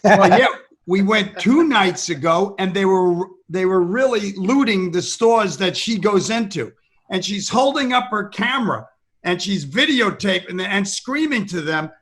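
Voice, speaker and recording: Bright, high-voiced male comedian host. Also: expressive, measured pace. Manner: laughs often, emphatic storytelling. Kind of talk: casual chat.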